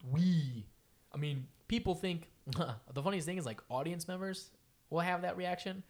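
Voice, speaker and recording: A young man in casual podcast chat, animated and swearing, acting out quotes in a raised voice. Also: on the high side, moderate pace. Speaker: podcast co-host, improv performer.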